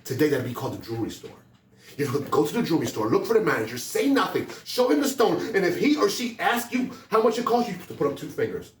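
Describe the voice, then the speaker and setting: A calm, wise poor father who patiently instructs his son, as a male storyteller voices him. His voice is lively and moves freely in pitch. The sound is roomy and distant. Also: fast talker, slight background noise. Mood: instructing. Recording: echoey room from a distance.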